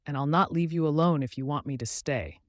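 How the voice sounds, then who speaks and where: A man voicing a gentle, soothing young woman in love in an audiobook. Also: sits low, a little fast, no echo, studio quality, natural voice. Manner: soothing, lightly teasing.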